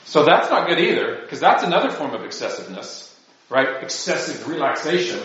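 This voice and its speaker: A man's voice: fairly high pitch, sing-song, a little fast, a bit bright. A man giving an informal spiritual talk to his parish, rambling and self-deprecating, full of asides. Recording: distant mic, very echoey, dull lo-fi sound.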